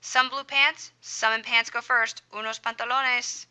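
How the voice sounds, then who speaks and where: A woman's voice: a little high, fairly even intonation, unhurried, bright, forceful tone, clear, resonant tone. A woman teaching a Spanish grammar lesson over a screen recording, upbeat and encouraging, dropping little sound effects as she writes.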